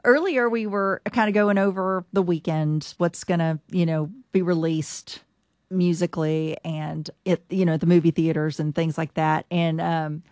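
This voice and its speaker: A woman's voice: lowish voice, fairly even intonation, a little slow, a little mellow, no room sound, clean studio sound. A woman co-hosting a morning radio show, chatting casually and loosely with fillers.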